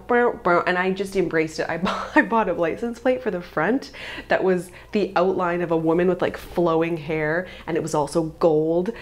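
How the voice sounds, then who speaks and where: A woman's voice: lowish voice, a little mellow. A woman in her thirties, a vlogger chatting casually to camera in an upbeat way, laughing often.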